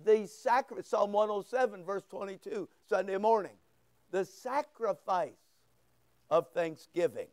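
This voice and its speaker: Male preacher, high smooth voice, emphatic, unhurried sermon. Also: a little mellow, no echo. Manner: fervent, emphatic preaching with rising bursts. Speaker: pastor.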